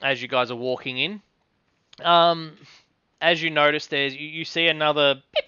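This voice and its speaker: A man narrating a tabletop game as game master, relaxed and halting, with many fillers. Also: fairly high pitch, clean tone, dry recording, dull audio.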